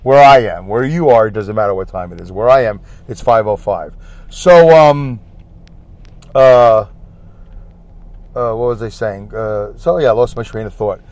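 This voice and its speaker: A man's voice: lowish voice, a little slow, long pauses, a little mellow, no echo. Brooklyn-accented male podcast host, chatty and self-mocking, in a parked car, dry sound. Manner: chatty, repetitive, self-deprecating. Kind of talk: rambling solo podcast monologue.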